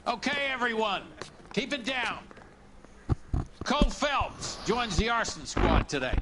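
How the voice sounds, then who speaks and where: An actor playing a gruff police captain who gives orders bluntly and threatens his new detective in a game cutscene. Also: very high-pitched, sing-song, measured pace, noisy background, exaggerated voice. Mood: commanding.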